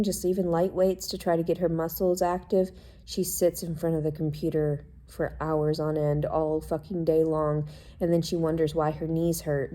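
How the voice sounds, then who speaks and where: A woman's voice: lowish voice, warm tone. A woman venting in an angry, profanity-laced personal monologue from a hotel room, congested and unwell. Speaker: vlogger.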